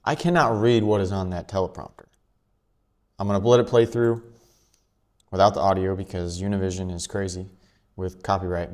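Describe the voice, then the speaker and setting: A man hosting his own commentary vlog, talking quickly and offhandedly with chuckling asides. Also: fairly low pitch, a little mellow. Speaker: channel host.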